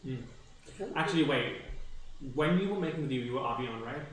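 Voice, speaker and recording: A man narrating as game master in a tabletop game, pausing to think as he describes things. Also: mid-range voice, expressive. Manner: hesitant, thinking aloud with fillers. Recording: echoey noisy room, distant mic.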